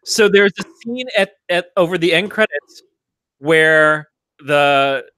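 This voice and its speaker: A man's voice: a little high, takes it slowly, pushed and bright, clear, resonant tone, dry recording, low-quality recording. A man co-hosting a podcast, recounting a movie scene in casual, profane chat. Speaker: podcast co-host.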